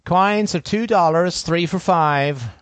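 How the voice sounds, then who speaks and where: A bored, nasal teenage girl who answers curtly and flatly, as a male storyteller puts her on. The voice sits well above his own and comes across dry and close. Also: high voice, slow, dry recording, voice pushed up. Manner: bored, flat, curt.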